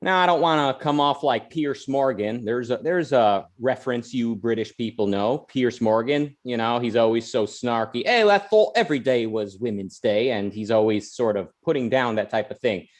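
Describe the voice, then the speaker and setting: A man's voice: medium pitch, moderate pace, few pauses. A man hosting a podcast, talking in a chatty, rambling way full of restarts and side tangents. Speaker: podcast host. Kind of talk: casual podcast chat.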